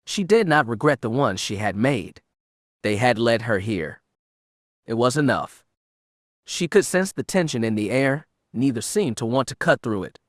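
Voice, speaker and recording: A man's voice: medium pitch, animated, unhurried, dry recording. Man narrating an audiobook, dry sound.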